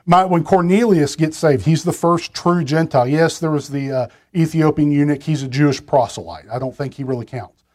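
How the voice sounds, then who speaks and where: A man's voice: a little high, a little fast, a little mellow. A man preaching a sermon from a pulpit, talking in a conversational way with restarts and side remarks to the congregation. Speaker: pastor.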